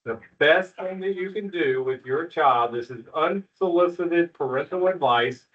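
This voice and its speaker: A man's voice: fairly high pitch, unhurried. A middle-aged school principal talks to a room of parents, folksy and joking but reassuring. He is picked up from a distance. The recording sounds dull and muffled. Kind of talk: addressing parents at a school meeting.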